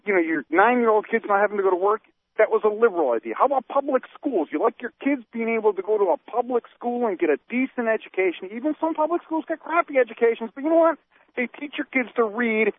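A man with a high, tight voice rants through a run of pointed rhetorical questions as a talk radio co-host. The sound is tinny and phone-like, thin in the lows and highs. It is bone-dry, with no room around it. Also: no room sound. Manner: ranting, fires off rhetorical questions. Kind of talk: political talk radio discussion.

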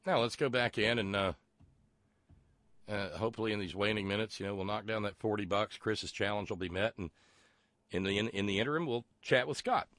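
A man hosting a call-in radio show, blunt and profane, with halting restarts. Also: on the low side, a bit bright, no echo. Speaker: radio talk show host.

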